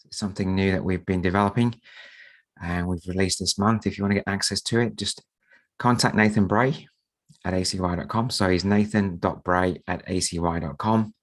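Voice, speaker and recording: A man hosting a live trading webinar, croaky from a sore throat and speaking softly to save his voice. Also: sits low, fairly even intonation, fairly quick. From Australia. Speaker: market strategist and trading mentor.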